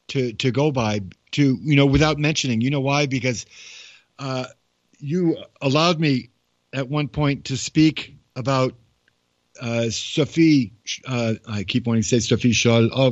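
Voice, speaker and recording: A man giving casual spoken commentary with a halting, wandering delivery and asides, reading quotes aloud. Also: medium pitch, no echo. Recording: dull, dry lo-fi recording.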